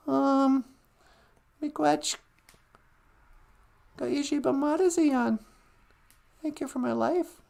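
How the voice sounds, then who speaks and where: A woman hosting a comic live stream, mock-earnest and sarcastic, who slips into solemn-sounding mock prayers. Her voice sits high and has a gravelly, fried edge. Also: darkish tone. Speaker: host.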